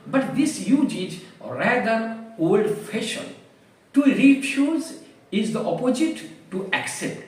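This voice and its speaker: A man teaching English vocabulary at a slow, deliberate pace, his high voice rising and falling widely. He explains each word with careful examples. He sits far from the mic in a strongly echoing room. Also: sing-song.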